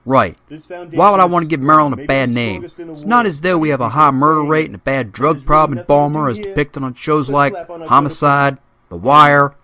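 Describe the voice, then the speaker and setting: A man doing an impression of a loud, brash male senator from a northeastern city. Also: on the high side, moderate pace, a crowd in the background, lightly acted. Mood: sarcastic.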